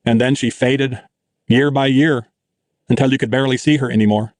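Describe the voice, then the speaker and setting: A man voicing a weary, earnest older male teacher who speaks low, slow and urgent. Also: steady tone, a little mellow, dry recording, lightly acted.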